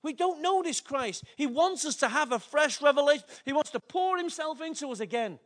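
A man preaching a sermon to his church, fervent and emotional, with big swings in loudness. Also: very high voice, animated, fairly quick. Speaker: pastor.

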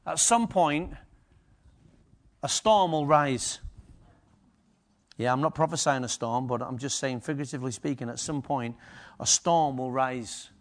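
A man preaching a lively sermon to a congregation, acting out the story's characters. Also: mid-range voice, unhurried, long pauses.

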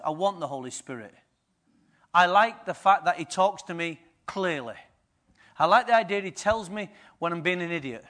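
With a high-pitched voice, this pastor shoots rhetorical questions at his congregation during a sermon, moving back and forth between soft and loud.

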